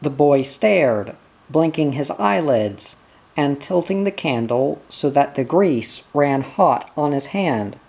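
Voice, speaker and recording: A reader reading a children's novel aloud in a measured, gentle, unhurried way. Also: mid-range voice, expressive, creaky. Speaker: audiobook reader.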